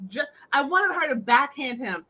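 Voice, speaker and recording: A woman co-hosts a casual movie podcast, arguing her opinions with emphatic, heated conviction. Her voice is bright and fairly high. The recording sounds a bit dull and lo-fi. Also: big pitch swings, normal speed. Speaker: podcast co-host.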